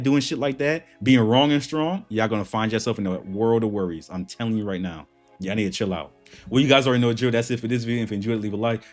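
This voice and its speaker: A man hosting a reaction channel, giving blunt, heated commentary and repeating his points for emphasis. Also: mid-range voice.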